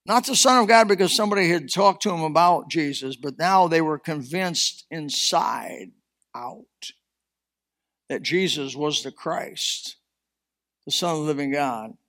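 This pastor speaks unhurriedly, his voice on the high side and a bit bright. Reading scripture and applying it in his sermon, he preaches with passion, his force building and falling away.

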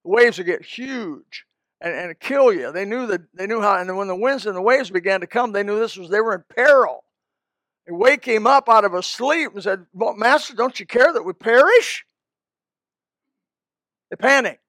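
A man's voice: high voice, expressive, moderate pace, a bit bright, no room sound. A man preaching a sermon in a folksy, rambling way, with asides and restarts. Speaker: pastor.

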